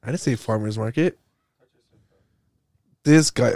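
A man's voice: a little high, animated, normal speed, no room sound. A young man co-hosting a podcast, chatting casually, teasing and laughing a lot with some swearing. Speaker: podcast co-host. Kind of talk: casual chat.

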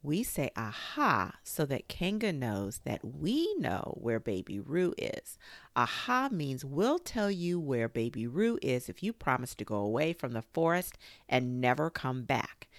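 A woman's voice: rumbling low, very animated, dry recording, clean studio sound, full character voice. A woman reading aloud and voicing a bossy, self-important male rabbit who gives orders in a condescending tone. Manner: brisk, commanding, condescending.

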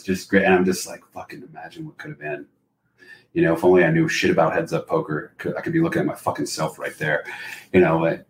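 Fast-talking man with a roomy echo. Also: low-pitched, slight background noise. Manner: rambling, profane, lots of "like". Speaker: poker player guest. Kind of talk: casual podcast chat.

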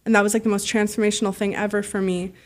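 A woman telling stories as a podcast guest, animated and freely swearing, acting out the voices of people she quotes. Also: mid-range voice, racing. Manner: heavy use of "like" fillers. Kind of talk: casual storytelling.

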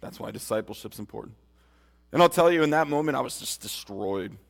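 Man, preacher, earnest emphatic sermon, raspy fry in the voice, echoing church hall. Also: medium pitch, animated, fairly quick. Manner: earnest, emphatic, speaks straight to listeners. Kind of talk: sermon, personal testimony. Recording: long hall reverb.

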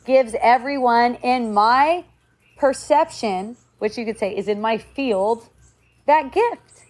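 A woman's voice: a little high, takes it slowly, a little mellow. A woman giving a casual spiritual talk, loose and conversational, with frequent fillers and blunt swearing.

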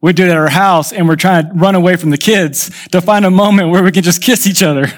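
A man's voice: sits high, fairly even intonation, fast talker. A man in his thirties preaching a sermon as pastor, telling stories conversationally and acting out the voices of people in them. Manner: conversational storytelling, acts out quoted voices.

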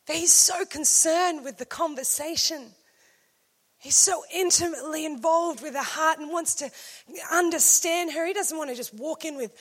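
A woman preaching a sermon, swinging from loud emphasis to hushed scripture reading. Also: sits high, moderate pace.

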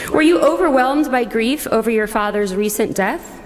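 A woman's voice: a little high, lively intonation, normal speed. A woman pastor preaching a sermon as a dramatic second-person retelling full of rhetorical questions. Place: church. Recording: long church reverb.

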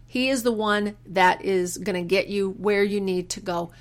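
Female podcast host with an earnest, sermon-like delivery, mid-range voice, stops and restarts when moved. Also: mid-range voice. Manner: earnest, preacherly, quotes scripture with slow emphasis. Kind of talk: faith-based personal reflection.

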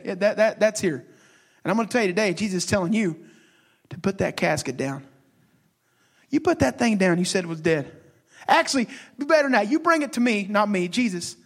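High-pitched guy preaching, fired up then quiet, keeps restarting his sentences. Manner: impassioned, swinging between loud and hushed, halting restarts. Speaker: pastor. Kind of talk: sermon.

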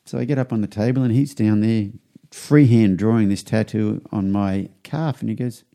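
Aussie guy, middle-aged, rambly story, gravelly low dark voice. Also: steady tone, moderate pace. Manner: rambling anecdotes, acts out quotes in a higher voice. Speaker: podcast host. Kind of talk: casual storytelling.

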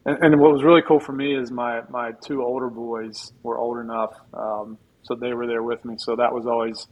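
A middle-aged man with an ordinary mid-range voice, sitting in as a guest on a podcast. He tells long, rambling stories in a relaxed way, often restarting his sentences and adding humble asides. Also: medium pitch, moderate pace, a little hiss or hum, low-quality recording. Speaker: guest, former football player. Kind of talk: casual storytelling in a podcast interview.

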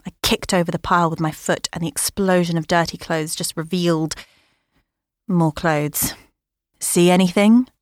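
A woman narrating a first-person horror story in a measured storytelling manner. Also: on the low side, level tone, dry recording, studio quality.

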